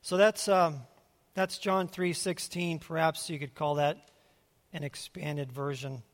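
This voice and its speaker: A man preaching a sermon in a relaxed, conversational way, telling his own story with frequent restarts. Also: fairly high pitch, measured pace. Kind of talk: sermon with personal testimony. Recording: hall reverb.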